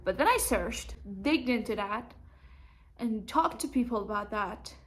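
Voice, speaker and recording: A woman's voice: fairly high pitch, animated, a little slow, fairly bright tone. A young adult woman vlogging at home, telling a personal story to the camera and acting out the things people said in a raised voice. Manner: acts out quoted dialogue in a raised voice.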